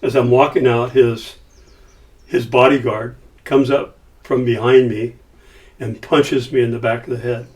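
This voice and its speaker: An older man talks through a long anecdote in an easygoing, lively way. His voice sits in a middle pitch and slips into the characters he quotes. The mic picks him up from a little distance. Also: a little slow, long pauses. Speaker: podcast guest. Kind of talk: casual storytelling.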